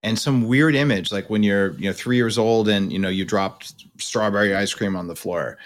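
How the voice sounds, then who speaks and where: A middle-aged man with a somewhat low voice, hosting a podcast. He explains at length, blunt and casual, and doesn't mind a bit of crude language. He talks like a coach walking a guest through her options. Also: moderate pace. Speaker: podcast host. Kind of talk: coaching conversation.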